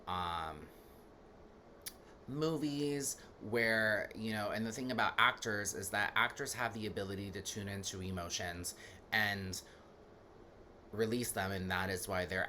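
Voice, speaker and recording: A man's voice: on the low side, fairly even intonation, takes it slowly, bright, forceful tone, slight background noise. A man giving a casual, rambling talk as a spiritual teacher, full of fillers, who laughs now and then while telling stories.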